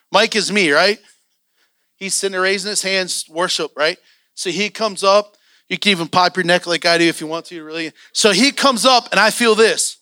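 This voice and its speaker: Bright, animated man preaching a story. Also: high voice, clean tone, no echo, studio quality. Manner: animated storytelling with acted-out quotes. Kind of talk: storytelling sermon. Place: church sanctuary.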